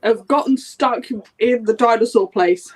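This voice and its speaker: A woman with a bright, high voice talks casually in a book club discussion. She retells the story in a lively, animated way, slipping into quick acted quotes from the characters.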